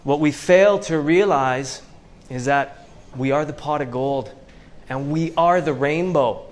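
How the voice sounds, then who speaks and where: A Canadian man giving an inspirational talk to a live audience, telling stories with slow, dramatic pauses. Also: a little high. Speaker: motivational speaker. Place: event venue before a live audience.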